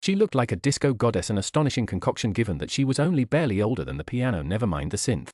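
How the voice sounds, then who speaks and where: A man reading a novel aloud as narration, shifting his pitch to voice the characters. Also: big pitch swings, racing, a little mellow, no echo, clean studio sound. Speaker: audiobook reader. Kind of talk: scripted narration.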